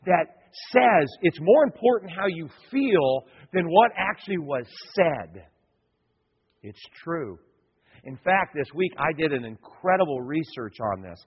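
A man's voice: fairly high pitch, husky, long reverb tail, dull audio. A male pastor preaching in a church, folksy and repetitive, acting out quotes as he goes. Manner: folksy, repeats himself, acts out quotes. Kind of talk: sermon.

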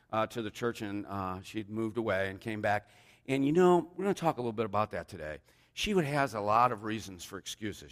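Brief: chatty male pastor preaching a sermon, animated intonation, long reverb in a church. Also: on the low side. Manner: rambling with joking asides.

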